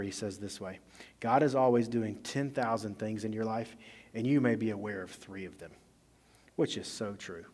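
A man preaching a sermon in a relaxed, conversational way, acting out scenes in casual slang. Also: on the low side, husky, big-room sound. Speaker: pastor.

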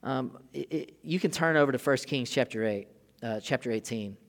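Animated preacher in a reverberant hall. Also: male voice, medium pitch, normal speed. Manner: animated, rising to loud emphatic peaks when reading scripture; casual asides with filler and restarts. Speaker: pastor. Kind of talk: sermon.

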